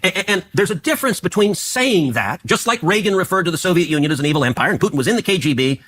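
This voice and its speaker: A middle-aged man, a senator, arguing in a heated debate with rapid, stammering restarts. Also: sits high, lively intonation, a bit bright.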